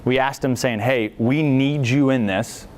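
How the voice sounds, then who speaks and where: Smooth-voiced man telling a story. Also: medium pitch, measured pace. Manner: casual, joking storyteller, acts out quotes. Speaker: veteran speaker at a library talk. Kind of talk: storytelling presentation.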